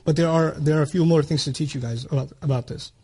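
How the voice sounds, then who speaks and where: A man teaching a religious lecture on scripture, explaining lively and acting out little scenes, often checking in with rhetorical questions. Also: on the high side, fast talker, husky. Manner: animated, explanatory, acts out quotes, asks rhetorical questions. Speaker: Quran teacher.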